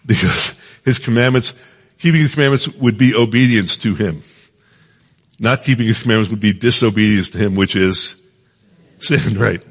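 A middle-aged male preacher with a low, slightly husky voice teaches in an earnest, conversational manner. He often stops to check in with his listeners. His voice carries a long reverb, as if he is speaking in a large hall. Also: normal speed, pauses often. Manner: earnest, asks the listeners often, many restarts.

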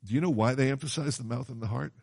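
A man's voice: mid-range voice, fast talker, creaky, darkish tone. A man preaching a Bible sermon in a conversational way, often asking his listeners questions and quoting scripture in old-fashioned wording. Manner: conversational, asks the congregation questions.

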